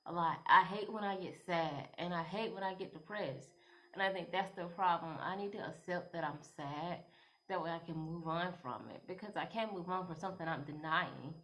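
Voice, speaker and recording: A young woman talks straight to camera in a loose, rambling way. Her voice sits a little low, and she leans on "you know" as she gives her advice. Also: a bit bright. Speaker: vlogger. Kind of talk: casual advice talk to camera.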